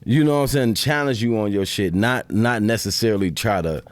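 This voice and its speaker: A man's voice: on the low side, a little fast. A man guesting on a podcast in casual chat, rambling and checking in with the listener often. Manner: rambling, repeats "you know what I'm saying".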